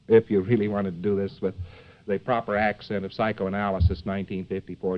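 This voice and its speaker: A brisk man with a voice on the low side jokes and rambles through a lecture in front of an audience, digressing often with fillers and asides like "see?". The sound comes from a dull, lo-fi old lecture recording.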